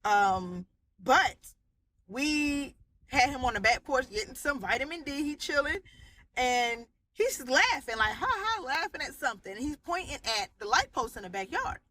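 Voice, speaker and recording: A woman recounts haunting experiences from her family home in a casual, animated way, acting out the people involved with voiced quotes and sound effects, like someone sharing a haunting testimony. Her voice sits high at a normal speed, and the audio cuts in and out.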